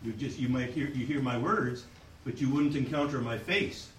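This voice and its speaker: A man's voice: medium pitch, moderate pace, a little hiss or hum, poor audio. A man preaching a sermon to a congregation, reading scripture aloud and explaining it with earnest restarts. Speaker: pastor.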